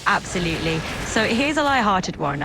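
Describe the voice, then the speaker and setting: A woman's voice: medium pitch, sing-song, moderate pace, over music. A text-to-speech woman's voice as an AI assistant, cheerful and agreeable, sometimes slurring its words. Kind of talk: upbeat chatbot replies.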